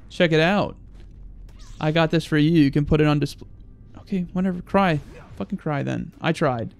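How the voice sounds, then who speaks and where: Brief: young male gamer commentator, crude and mock-angry, slightly high, gravelly. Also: expressive, moderate pace, soft background music. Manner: profane, mock-angry, joking. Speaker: gaming video host.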